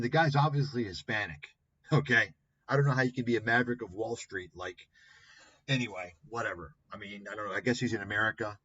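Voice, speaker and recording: Combative male livestream host, profane and scornful, husky tone, dull lo-fi audio. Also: mid-range voice, fairly bright tone, dry recording. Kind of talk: ranting commentary on clips.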